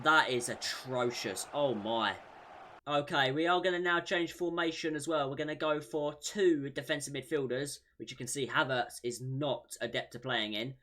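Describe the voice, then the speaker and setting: A man commentating on his own football video game career mode, shouting at goals and groaning at defensive mistakes. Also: medium pitch. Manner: excitable, shouts at big moments, groans at mistakes. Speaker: gaming YouTuber.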